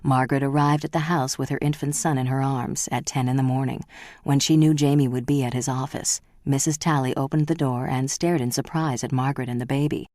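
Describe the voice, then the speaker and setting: A woman narrating a novel audiobook in a measured, even storytelling manner. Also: extremely low pitch, dry recording, clean studio sound.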